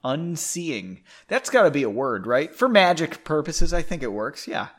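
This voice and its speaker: Guy reading a story at home, tripping over words and joking, pitch all over the place. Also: big pitch swings, normal speed. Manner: chatty, self-mocking, stumbles and rereads. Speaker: amateur story reader. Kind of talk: casual read-aloud with asides.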